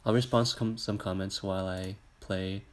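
A young man in a casual live stream, talking in a flat, monotone way while he reacts to videos and reads out comments. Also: normal speed. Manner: monotone, low-key; rambling, filler-heavy, reads comments aloud. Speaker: livestreamer reacting to music videos. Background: pop music playing.

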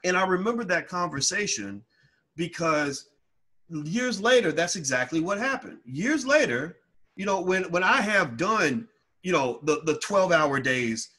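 A man telling a personal story in an emphatic monologue, growing loud and high-pitched when heated. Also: very animated, measured pace. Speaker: financial educator.

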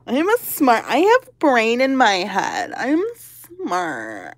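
A woman's voice: a little high, huge pitch swings, slow pace, no echo, clean studio sound. A woman hosting a lottery-ticket channel, chatting casually and giggling as she calls out numbers one by one. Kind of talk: casual chat while scratching tickets.

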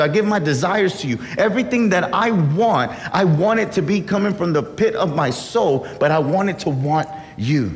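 A man's voice: a little high, long reverb tail. A man preaching a sermon as pastor, earnest and often repeating and restarting his words.

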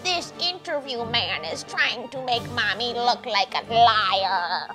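A woman's voice: fairly high pitch, lively intonation, slow, music in the background. A woman playing a brash, indignant older lady who claims she founded a bean company, in a comedy sketch. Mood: defensive. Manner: loud, brassy, indignant, drawling.

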